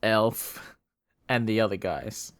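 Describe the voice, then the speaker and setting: A man's voice: lowish voice, steady tone, slow, clean tone, no echo. A man co-hosting a podcast, recapping a film in loose casual talk full of fillers. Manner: rambling, lots of fillers and laughs. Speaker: podcast co-host. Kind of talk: casual movie review chat.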